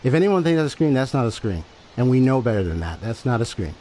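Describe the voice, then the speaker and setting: A man's voice: mid-range voice, big pitch swings, fast talker, warm tone. Rambling man streamer talking to chat. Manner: rambling, repetitive, defensive explaining. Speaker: game streamer. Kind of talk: casual livestream talk to chat. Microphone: desk microphone.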